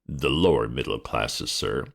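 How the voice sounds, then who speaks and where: A man voicing a formal, deferential male valet who speaks in a measured way. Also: a bass voice, gravelly, pitched below the performer's own voice, heavily acted.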